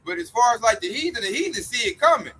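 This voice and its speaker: A man's voice: very high-pitched, very animated, fast, sharp tone, slightly rough, poor audio. A man preaching in an emphatic, slangy street style about coming judgment.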